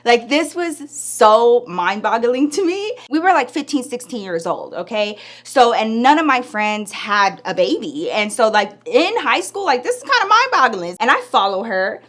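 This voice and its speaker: A woman casually telling a personal story in a chatty, animated way, full of slang and asides. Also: fairly high pitch, moderate pace, few pauses. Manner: chatty, animated, lots of "like" and "girl".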